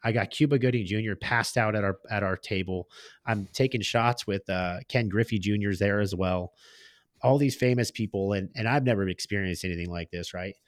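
A man's voice: fairly low pitch, fairly quick, dry recording, clean studio sound. A man speaking as a podcast guest and business owner. He tells stories in a slangy, candid way and acts out the people he quotes. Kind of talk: casual storytelling in conversation.

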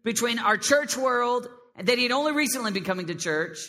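Squeaky high-voiced preacher in a hall. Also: male voice, brisk. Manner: animated, swinging between loud emphasis and quiet prayer. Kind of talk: live sermon to a youth congregation. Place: large hall with a live crowd. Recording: long hall reverb.

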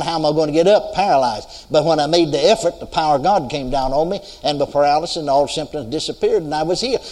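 An older man from the US preaches in a warm, husky voice on the high side, weaving in a story and asking the congregation if they're paying attention. The hall adds a long reverb.

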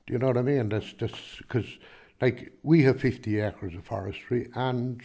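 A man's voice: medium pitch, moderate pace, vocal fry, dark tone. A man with a Kilkenny Irish accent, a farmer answering interview questions in a rambling, chatty way, full of restarts and "do you know what I mean". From Ireland.

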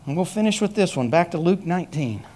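High-voiced preacher telling a story. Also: male voice, animated, fast. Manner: storytelling, repeats phrases, swells loud and high toward the close. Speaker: pastor. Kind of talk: sermon with a story.

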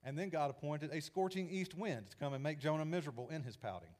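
A man's voice: a little high, quick pace, darkish tone. A man preaching a sermon in a conversational, emphatic way. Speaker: pastor.

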